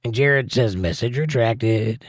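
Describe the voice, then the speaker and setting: A man's voice: medium pitch, a little slow, dry recording, clean studio sound. A man hosting a casual live stream, reading viewer comments aloud and joking back at them. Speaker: livestream host.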